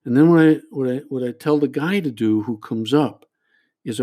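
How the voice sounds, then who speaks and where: A male priest and addiction counselor walks a listener through a group therapy exercise, with a dark, mellow tone. He speaks earnestly and stumbles through repeated restarts. He keeps pausing to check in with "all right?". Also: mid-range voice.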